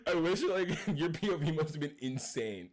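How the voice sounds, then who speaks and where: A young man co-hosting a podcast reacts in casual chat with swears and frequent laughs. His pitch sits somewhat high and swings in a lively way. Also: moderate pace. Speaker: podcast co-host.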